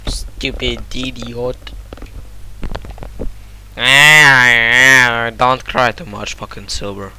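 A man with non-native English giving excitable, cursing gameplay commentary, often shouting at the game and searching for words. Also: medium pitch, measured pace, hardly any pauses, slight background noise. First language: not English. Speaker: gamer.

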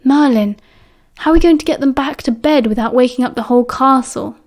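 A woman's voice: high-pitched, fairly quick, darkish tone. A woman reading a huffing, exasperated teenage boy wizard in an audiobook.

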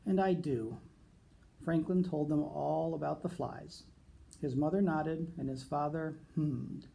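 A man who teaches reads a children's picture book aloud in a gentle, unhurried way. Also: a little high, steady tone, gravelly. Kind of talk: storybook read-aloud.

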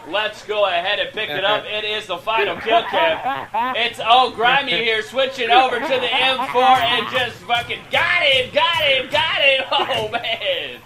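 A man giving excitable, profane, joking play-by-play commentary over an online shooter match. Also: high voice. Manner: excitable, hyped, laughing, swearing freely. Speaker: gameplay shoutcaster.

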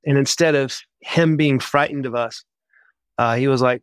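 Man, missionary guest, casual and lively interview storytelling, mid pitch. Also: clean tone, no room sound. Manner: animated, chatty, quick bursts.

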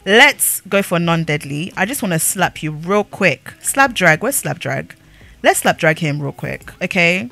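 A woman's voice: lowish voice, lively intonation, measured pace, gravelly, sharp tone, soft background music. A young woman giving sassy, laughing commentary while playing a life-sim game. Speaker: gaming YouTuber. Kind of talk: let's-play commentary.

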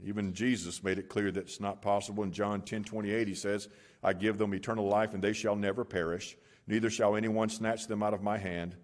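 A man's voice: on the low side, little pitch movement, a little fast. Emphatic male pastor preaching. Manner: emphatic preaching with wide swings between loud and hushed; explains Greek words. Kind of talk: expository sermon. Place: church.

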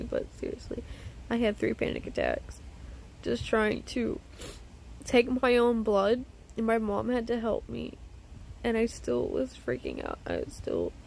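Woman vlogger on the verge of crying, halting delivery, gravelly fry in a somewhat high voice. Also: a little mellow, rough recording. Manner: halting, with many pauses and restarts. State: close to tears. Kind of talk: personal video diary.

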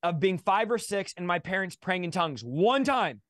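A man's voice: high voice, animated, moderate pace, fairly bright tone, no room sound, clean studio sound. A man earnestly telling a personal conversion story as an interview guest, repeating key phrases for emphasis.

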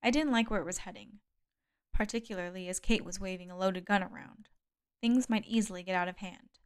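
A woman reading a first-person thriller audiobook in a measured, steady narration. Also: mid-range voice, smooth. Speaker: audiobook reader.

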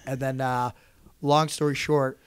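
Man, pro wrestler guest, animated storyteller, dry close mic. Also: medium pitch, unhurried, clean tone, dry recording. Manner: animated storyteller, acts out quotes. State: hoarse voice. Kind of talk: casual storytelling chat.

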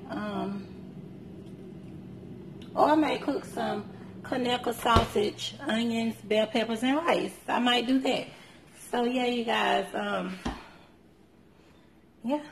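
A woman's voice: on the high side, gravelly. A woman in her thirties chatting casually to her viewers in a family vlog, talking from a moving car. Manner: chatty, talks to viewers as "you guys" and "y'all". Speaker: vlogger, mother. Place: inside a car outdoors. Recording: loud road noise in a car. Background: car and road noise.

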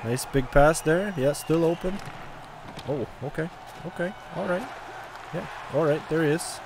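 A man giving casual, excitable commentary over his own gameplay, cheering and trash-talking the players. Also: fairly high pitch, a little slow, creaky, noisy background. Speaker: gaming commentator.

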